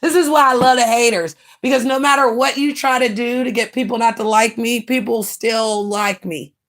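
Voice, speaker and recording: A woman's voice: a little high, fairly even intonation, normal speed, fairly bright tone. A woman from the United States, livestreaming in blunt, brash and mocking casual chat.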